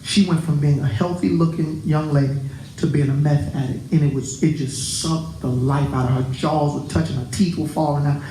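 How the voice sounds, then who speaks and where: A pastor preaching a sermon to his congregation, animated and joking with them. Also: fairly high pitch, moderate pace, roomy sound, noisy background. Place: church.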